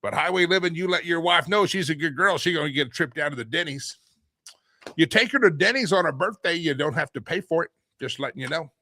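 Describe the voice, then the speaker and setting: Bright-voiced, joking male talk show host. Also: medium pitch, slightly rough, no echo. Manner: joking, rambling, laughs often. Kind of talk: casual live-stream talk, reading viewer comments.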